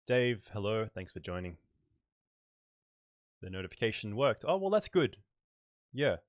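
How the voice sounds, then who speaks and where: A man with a light Australian accent talks casually to his livestream viewers. His voice sits fairly low and sounds close and dry. He thinks aloud as he goes, with easy fillers along the way. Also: very animated, unhurried, no room sound. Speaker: photography YouTuber hosting a livestream.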